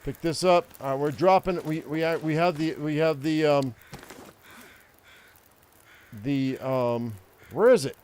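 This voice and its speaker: A man's voice: a little high, steady tone, slow, pauses often, darkish tone, clear, resonant tone. An older man giving casual, profane gameplay commentary, ranting and rambling with frequent restarts. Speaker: gaming streamer.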